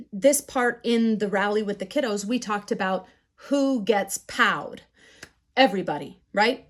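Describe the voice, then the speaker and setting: Woman teacher, middle pitch, candid and animated storyteller, class talk. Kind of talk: storytelling lecture.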